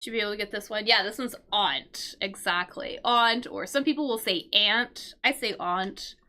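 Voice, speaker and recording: A woman's voice: mid-range voice, normal speed, sharp tone. A woman teaching English vocabulary through a crossword, explaining patiently with fillers and check-in questions. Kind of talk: casual livestream lesson solving a crossword.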